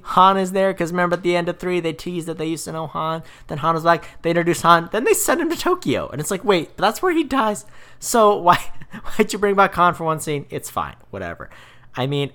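A man's voice: on the high side, pushed and bright. A man co-hosting a casual movie podcast, ranting and laughing as he talks. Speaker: podcast co-host.

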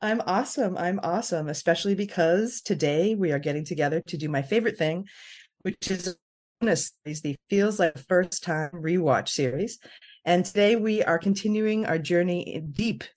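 A woman with a slightly low voice hosts a podcast in a relaxed, chatty way. She laughs often and breaks up her sentences with fillers and restarts. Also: moderate pace. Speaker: podcast host. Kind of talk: casual chat.

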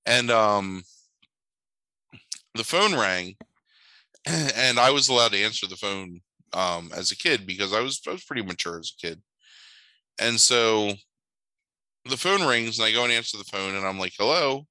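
A man telling stories in casual chat, animated, swearing now and then and acting out the voices of people in his anecdotes. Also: on the low side, measured pace, pauses often, no room sound, low-quality recording.

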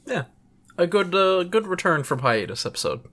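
A young adult co-host recaps an episode casually, with a middling, even voice. The delivery is relaxed and chatty. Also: medium pitch, moderate pace. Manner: laid-back recapping, laughs at own jokes. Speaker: podcast co-host summarizing episodes.

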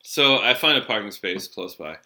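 A middle-aged man with a strikingly bright, forceful voice, telling an animated cab-driving story. He sits a little low in pitch, and his talk is loose and sprinkled with swearing. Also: normal speed. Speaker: storyteller, former cab driver. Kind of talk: casual storytelling chat.

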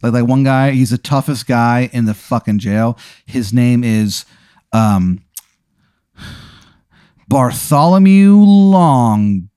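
A man's voice: mid-range voice, animated, takes it slowly, long pauses, mellow, clear, resonant tone, no echo. Guy riffing a goofy story, lots of likes and ums, swears, dry close mic. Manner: rambling, filler-heavy, profane. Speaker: podcast host. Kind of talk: improvised comedic storytelling.

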